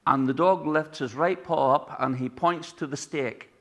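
A man's voice: mid-range voice, animated, moderate pace, hardly any pauses. A man from Ireland with an Irish accent, preaching a sermon in a conversational way, telling stories and asking the congregation rhetorical questions.

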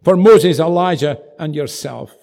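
A man voicing an impetuous disciple in a sermon, loudly making eager promises. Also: fairly high pitch, unhurried, vocal fry, in a large hall. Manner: loud, eager, boastful promises.

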